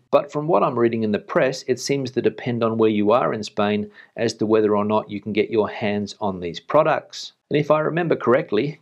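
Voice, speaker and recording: Male host with a lowish voice, chatty reply-to-comments segment, frank and blunt when pushed. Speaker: host of a news update channel. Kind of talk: casual reading and answering of viewer comments.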